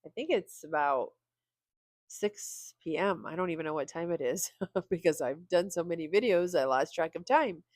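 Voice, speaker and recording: Middle-aged woman creator, tired, candid rambling vlog talk, lowish voice, dry close sound. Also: animated, moderate pace, no echo. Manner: candid and rambling, with small laughs. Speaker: video creator. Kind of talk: casual vlog talk to camera.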